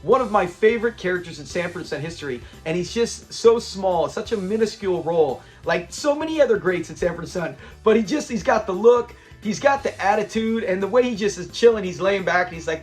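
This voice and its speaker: A man casually recapping a classic sitcom episode, animated and laughing often as he retells scenes. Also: high-pitched, a little fast, hardly any pauses, faint music behind. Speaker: show reviewer.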